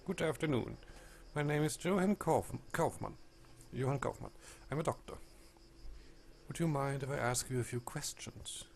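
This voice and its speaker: A man voicing a polite male Victorian doctor who gently asks questions, in a game read aloud. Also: medium pitch, normal speed, creaky, a little hiss or hum, close to an everyday voice. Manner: courteous questioning.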